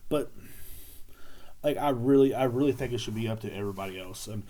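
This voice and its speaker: A young man rambles through a solo podcast, swearing freely and leaning on sarcasm. His voice is warm and mellow, at an ordinary middle pitch, and he keeps circling back with "man" and "you know" between loose thoughts. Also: a little fast. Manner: profane, rambling, sarcastic, with frequent fillers. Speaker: podcast host.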